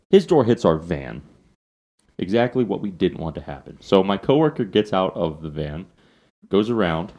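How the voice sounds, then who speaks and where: Podcast host, man, very low voice, casual profane storyteller. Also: darkish tone.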